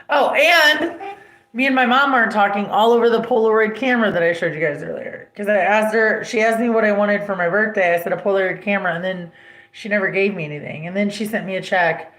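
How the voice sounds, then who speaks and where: A woman's voice: mid-range voice, a bit bright, echoey room. A young woman hosting a casual livestream, telling family stories bluntly, with heavy swearing and many "like" fillers. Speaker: livestream host.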